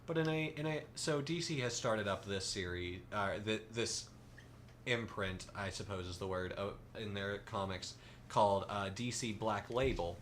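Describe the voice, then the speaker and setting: A man's voice: fairly low pitch, moderate pace, a bit bright, a little hiss or hum. A young man co-hosting a casual podcast chat, rambling with lots of ums and restarts. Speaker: podcast co-host. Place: shared room with other hosts.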